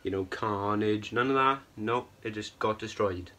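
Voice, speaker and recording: This young male film reviewer rants through a vlog, exasperated and rambling, constantly tagging his lines with "right?" and "bro." His voice is fairly low, a bit bright and moderately paced.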